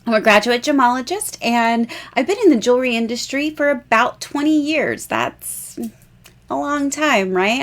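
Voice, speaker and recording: A woman's voice: a little high, lively intonation, normal speed, fairly bright tone. A bubbly, chatty woman in her forties, hosting a casual jewelry live stream and laughing often.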